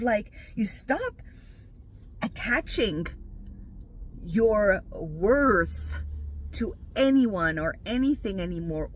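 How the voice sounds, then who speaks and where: A woman hosting her own spiritual channel, talking loosely and without a script, repeating herself and jumping up high when she voices her inner thoughts. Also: a bit bright, breathy edge. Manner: repeats phrases, loose and unscripted. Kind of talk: casual spiritual talk to camera.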